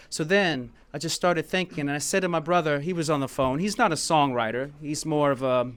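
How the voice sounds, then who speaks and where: A man's voice: on the high side, brisk, hardly any pauses, a bit bright. A man from the United States telling a personal story at a live showcase, rambling and repeating himself in a heartfelt way, with bits of song. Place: small venue in Paris.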